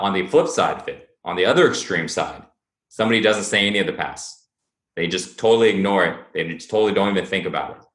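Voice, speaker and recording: A man's voice: low voice, a bit bright, roomy sound. A man giving an earnest motivational talk as a wellness coach, repeating his points and acting out little angry quotes.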